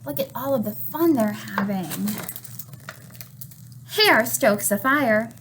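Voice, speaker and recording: A woman's voice: a little high, lively intonation, takes it slowly, background noise. A young woman, a children's librarian, reading a picture book aloud and asking the children questions. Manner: warm, encouraging, asks children questions. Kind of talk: children's storytime read-aloud.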